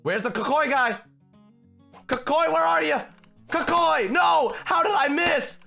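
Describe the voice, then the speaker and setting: A young man reacting loudly as he plays a video game, his voice pitched very high and sharp. There is a gravelly edge under his frequent shouts, and faint game music plays behind him. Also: lively intonation, a little slow. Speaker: gaming video host. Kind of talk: excitable gameplay commentary.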